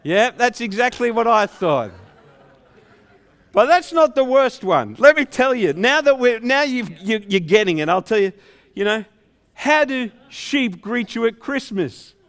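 Lively, playful male pastor telling stories. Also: extremely high pitch, measured pace. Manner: playful storytelling, acting out shepherds' dialogue. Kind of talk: sermon.

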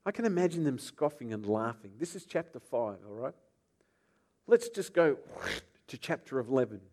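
A man preaching a sermon, retelling scripture dramatically and swinging between soft, low passages and loud outbursts. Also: lively intonation, moderate pace.

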